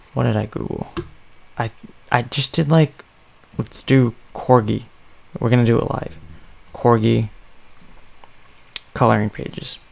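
A man's voice: mid-range voice, gravelly, darkish tone. A man hosting a casual solo podcast, thinking aloud with lots of ums, sleepy and yawning. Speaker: podcast host.

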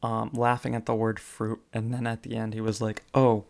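Fairly quick and completely flat, a man's creaky, fairly low voice casually runs through funny stories in a spoken presentation. He leans on fillers and lets out occasional chuckles between phrases.

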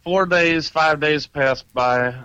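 A man, a paranormal investigator and tattoo artist, animated and excitable, telling a story in casual chat with lots of fillers. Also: on the high side, takes it slowly, clean tone, no room sound, dull audio.

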